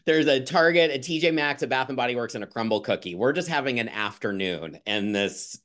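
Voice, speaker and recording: A man's voice: mid-range voice, animated, a little fast, fairly bright tone. Frank, chatty man telling a personal story. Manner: frank and self-deprecating, with casual swearing; chatty, with many restarts and "like". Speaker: podcast guest.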